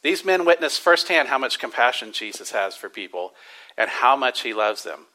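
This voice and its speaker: A man preaching a sermon to a church congregation, stressing words with slow emphasis and then dropping to a quiet hush. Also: mid-range voice, expressive, low-quality recording. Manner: emphatic preaching with drawn-out stresses and sudden soft drops. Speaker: pastor.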